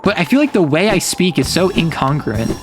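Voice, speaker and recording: A man VTuber streams a game, rambling casually and using "like" a lot. His voice is a little high and sing-song, fairly quick, with faint music in the background.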